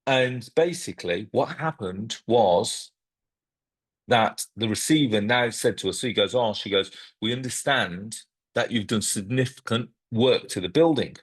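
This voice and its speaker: A man with a low, husky voice tells a property story straight to camera. He acts out both sides of his phone calls in an animated way. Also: measured pace. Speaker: property investor and host.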